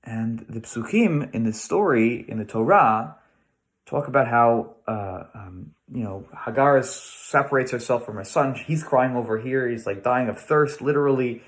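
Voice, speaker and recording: An unhurried, medium-pitched male voice belongs to a middle-aged American rabbi teaching his weekly Torah lesson. He keeps it casual, thinking aloud, restarting sentences and posing rhetorical questions.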